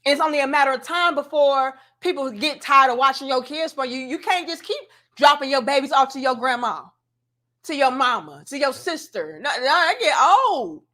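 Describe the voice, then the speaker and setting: A woman with a high voice hosts a casual commentary show. She talks in a bright, sharp tone and lectures her viewers emphatically. She speaks straight at the audience. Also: lively intonation, normal speed.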